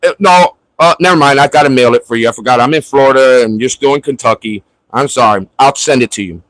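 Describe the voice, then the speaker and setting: A man's voice: medium pitch, a little fast, hardly any pauses, a bit bright, no room sound, poor audio. A man hosting a livestream in casual chat, ranting mockingly and swearing at a viewer. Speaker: livestream host. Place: at home in Florida.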